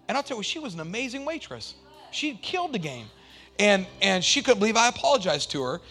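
A middle-aged male pastor preaching a sermon, moving from shouted, sing-song climaxes to relaxed, chatty storytelling with acted-out quotes. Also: sits high, brisk, faint music behind.

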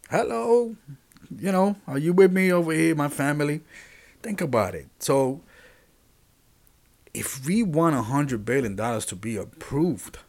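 A man hosting a podcast alone, holding forth in a loose, rambling monologue. He talks animatedly, keeps restarting his sentences and turns to address his listeners directly. His voice sits at an ordinary middle pitch for a man. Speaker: podcast host.

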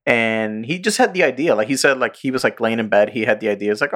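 Rambling podcast host, easy laughs. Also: male voice, mid-range voice, fast, a bit bright. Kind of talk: casual chat.

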